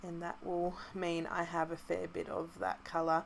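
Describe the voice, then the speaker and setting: A woman's voice: lowish voice, normal speed, creaky. A woman with an Australian accent talking casually through a scrapbooking tutorial, thinking aloud as she works. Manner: chatty, relaxed, thinking aloud with restarts. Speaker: craft kit club presenter. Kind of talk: casual craft tutorial voice-over.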